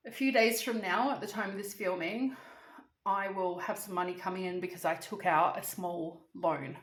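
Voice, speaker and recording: A woman telling a story vlog-style in a chatty, animated, casually swearing way. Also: mid-range voice, moderate pace, reverberant. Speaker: vlogger.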